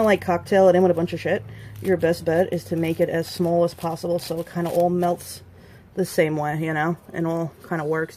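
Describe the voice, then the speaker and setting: A chatty woman talks viewers through a hands-on demo in a loose, rambling way. She tosses off playful warnings and side comments as she works, her voice sitting at an ordinary middle pitch. A faint hum of room noise sits underneath. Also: a little mellow. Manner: playful warnings and quick asides. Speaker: vlogger. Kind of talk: casual hands-on demonstration vlog.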